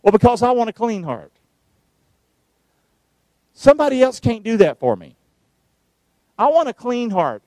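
A male preacher, giving a sermon, calling on the congregation to answer and shouting verses out. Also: extremely high pitch, sing-song, measured pace, long pauses, no room sound. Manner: calls for responses, shouts the verses out.

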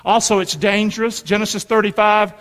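High-voiced preacher in a reverberant church. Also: male voice, flat delivery, brisk, fairly bright tone. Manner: emphatic, call-and-response with congregation. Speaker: pastor. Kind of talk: sermon. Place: church sanctuary. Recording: long hall reverb.

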